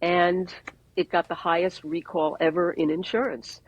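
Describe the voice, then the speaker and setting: Woman, husky, animated storyteller, podcast guest, dry room. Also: lowish voice, moderate pace, dry recording, dull audio. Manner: animated anecdotes with wry jokes. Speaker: advertising executive guest. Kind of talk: conversational storytelling. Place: podcast interview.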